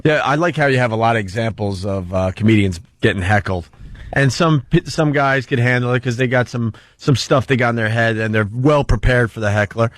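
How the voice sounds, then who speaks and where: A man's voice: mid-range voice, a little fast, no room sound. A man co-hosting a radio talk show, casually recapping scenes for his guest. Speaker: radio co-host.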